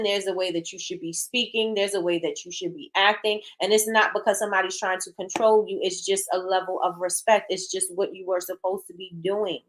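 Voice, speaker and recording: Blunt, emphatic woman hosting a talk show. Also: mid-range voice. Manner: emphatic, repeats phrases for emphasis; frank and blunt. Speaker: host. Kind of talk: casual opinion talk, reading live chat.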